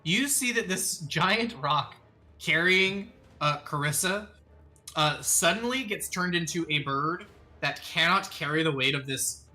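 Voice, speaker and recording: Bright-voiced male game master. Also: on the high side, measured pace. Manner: casual, swears a lot, many ums. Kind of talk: running a tabletop game over voice chat.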